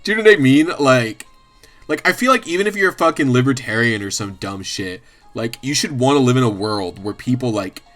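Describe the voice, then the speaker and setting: A man's voice: medium pitch, lively intonation, a little fast, a bit bright, faint music behind. A man streaming, chatting casually and ramblingly, swearing a lot and often laughing. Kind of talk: casual livestream chat.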